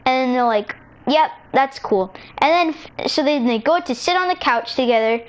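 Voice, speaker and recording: A woman spins a made-up tale in a casual, rambling way, piling up "so then" and restarting her sentences. Her voice sits fairly high, and she pops into quick little voices for each character. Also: animated. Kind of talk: casual storytelling while gaming.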